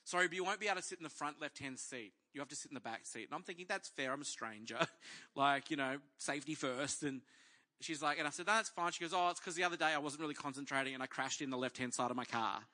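A man's voice: a little high, fast, pushed and bright. A middle-aged man, a pastor telling a story in a sermon and acting out the voices of the people in it.

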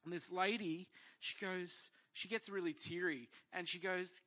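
A man's voice: sits high, fairly even intonation, a little slow, pushed and bright. A middle-aged man, a pastor telling a story in a sermon and acting out the voices of the people in it.

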